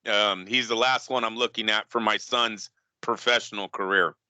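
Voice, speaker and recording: Emphatic man with a very bright voice. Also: fairly low pitch, steady tone, moderate pace, no room sound. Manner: emphatic, laughing asides. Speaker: podcast panelist. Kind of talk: casual boxing talk.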